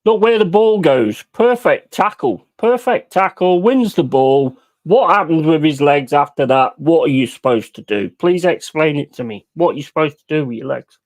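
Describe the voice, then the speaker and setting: A man hosts a live watch-along of a football match, raging at the referee and swearing constantly. His expressive, a little mellow voice swings widely in pitch, at a moderate pace with few pauses.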